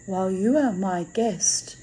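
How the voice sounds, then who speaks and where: A woman's voice: mid-range voice, measured pace, mellow, a little hiss or hum, natural voice, poor audio. A woman voicing a stiff, dignified old noblewoman playing hostess in a storybook reading. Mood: formal.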